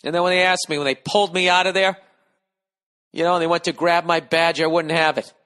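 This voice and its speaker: A middle-aged American man hosting a podcast, telling a profane, animated comic story and acting out the people in it. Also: a little high, brisk. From United States. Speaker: podcast host. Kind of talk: casual comedic monologue.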